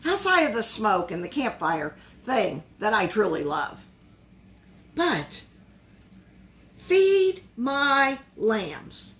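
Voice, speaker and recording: A woman's voice: medium pitch, fairly bright tone. A woman pastor leading a Bible study in a conversational way, often asking her listeners questions.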